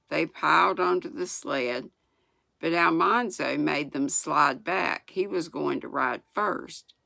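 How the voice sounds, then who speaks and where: A woman in her sixties from the United States, reading a children's book aloud in an unhurried way. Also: low voice, gravelly, bright, forceful tone, no room sound. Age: 60s. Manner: unhurried, chuckles at the story. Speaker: storyteller.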